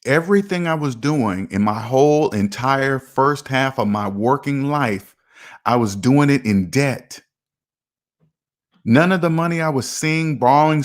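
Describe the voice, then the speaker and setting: Emphatic middle-aged man talking money. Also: mid-range voice. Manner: repetitive, emphatic, acts out imagined street conversations. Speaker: personal finance video host. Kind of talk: casual monologue to camera.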